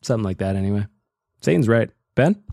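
A man's voice: fairly low pitch, lively intonation, fairly quick, vocal fry, dark tone, no room sound, clean studio sound. A man hosting a podcast, chatting casually and joking, laughing often. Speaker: podcast host.

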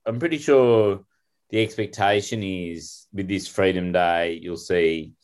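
A man's voice: deep voice, measured pace, darkish tone, clean tone. A man co-hosting a podcast, thoughtful and hedging as he explains. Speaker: podcast co-host. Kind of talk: casual discussion.

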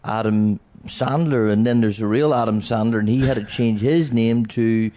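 A man's voice: on the low side, steady tone, moderate pace, warm tone. A man, a comedian guest on a casual podcast, playful and rambling as he spins stories.

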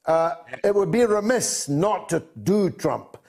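A man's voice: high voice, expressive, takes it slowly, gravelly, a little mellow. Man hosting a casual interview. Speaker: interview host.

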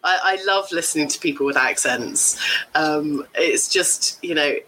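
Interview host; bright, forward voice, hesitant and thoughtful with questions. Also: medium pitch, a little slow, slight background noise, poor audio. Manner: warm questions with hesitant fillers. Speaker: podcast host. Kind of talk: casual interview talk.

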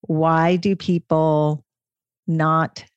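Emphatic woman podcast host, low and dry. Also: little pitch movement, extremely slow, smooth, no room sound, muffled recording. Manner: warm, emphatic, enthusiastic questioner. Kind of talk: podcast interview.

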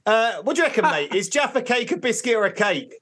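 A man's voice: very high-pitched, big pitch swings, quick pace, a bit bright. A man co-hosting a podcast, bantering in a teasing way. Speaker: podcast producer and co-host.

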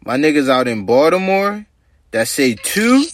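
A man in podcast banter who sets up each topic and quizzes the others. His pitch sits in the middle. The sound is very dry and close. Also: animated, normal speed, fairly bright tone, no room sound. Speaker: podcast co-host. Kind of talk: casual banter.

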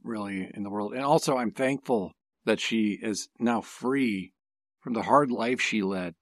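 Deadpan man co-host, dry studio sound. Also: on the low side, a little slow, no room sound. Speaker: podcast co-host, artist. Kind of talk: casual podcast chat.

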